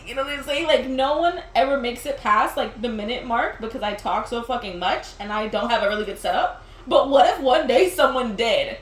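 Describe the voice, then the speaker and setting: A woman's voice: high-pitched, expressive, a little fast. A young woman chatting while she plays a video game, rambling and laughing, with a lot of "like". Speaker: gaming video host. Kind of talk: casual chat while playing a game. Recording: roomy sound with game music behind.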